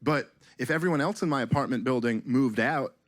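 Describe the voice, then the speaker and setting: A man doing a stand-up comedy set, deadpan and sarcastic, his pitch leaping up for punchlines. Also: a little fast. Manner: deadpan sarcastic delivery, pitch jumping high for emphasis.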